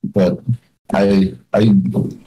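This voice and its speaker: Young male podcast host, mellow tone, rambles and restarts mid-thought. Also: low voice, little pitch movement, takes it slowly, a little hiss or hum, poor audio. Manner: rambling, many restarts and fillers. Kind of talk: casual podcast chat.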